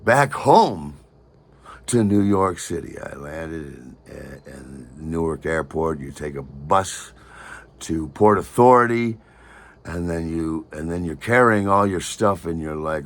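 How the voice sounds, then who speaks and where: A man telling a personal story in a lively monologue, acting out other people's lines with sudden shouts and pitch jumps. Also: takes it slowly. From Michigan.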